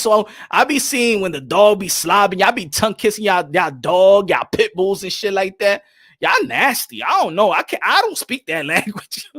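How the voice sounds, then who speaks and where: A man telling casual stories on a boxing podcast, animated and profane, laughing often. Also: high-pitched. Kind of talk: casual storytelling chat.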